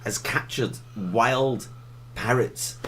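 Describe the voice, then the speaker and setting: A man's voice: mid-range voice, very slow, fairly bright tone, a little hiss or hum. A man co-hosting a casual talk show, teasing his partner with cheeky quips. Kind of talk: casual banter.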